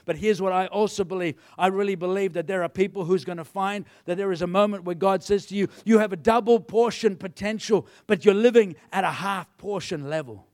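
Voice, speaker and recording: High-voiced animated preacher. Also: male voice. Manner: animated storytelling, acts out the characters. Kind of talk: sermon.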